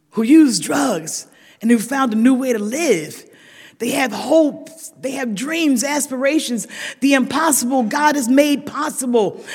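An older woman sharing a humorous recovery story with a meeting, a lively storyteller who laughs often and rises to shouted emphasis. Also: high voice, breathy edge. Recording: echoey hall.

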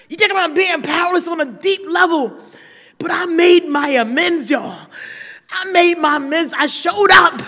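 A woman's voice: extremely high pitch, unhurried, bright, forceful tone. Woman speaker at a recovery meeting; raw, emphatic share addressed to the room; long hall reverb. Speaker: speaker sharing a recovery story.

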